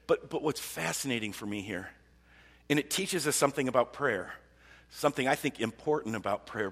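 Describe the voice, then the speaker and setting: A man's voice: mid-range voice, a bit bright. A man preaching a sermon as pastor, earnest, with frequent restarts, acting out prayers with rising energy. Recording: long hall reverb.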